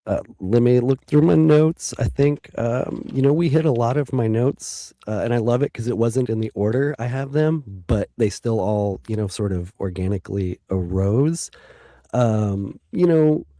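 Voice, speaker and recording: A man speaking as a guest in an interview, reflective and hesitant, with frequent pauses and restarts. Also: medium pitch, mellow, dry recording, clean studio sound. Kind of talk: casual interview talk.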